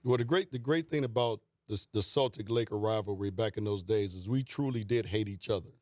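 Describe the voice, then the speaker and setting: A man's voice: on the low side, a little fast, a little mellow, no room sound. A man in his fifties, a former basketball coach, telling anecdotes as a guest in a radio studio interview, quoting players and laughing as he goes. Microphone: studio mic.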